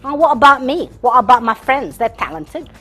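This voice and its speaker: A tough, mouthy young city girl, as a woman puts her on, loud and brassy, pitched up high and full of attitude. She fires off slangy complaints in a comic sketch voice. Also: expressive, a little fast, faint music behind. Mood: indignant.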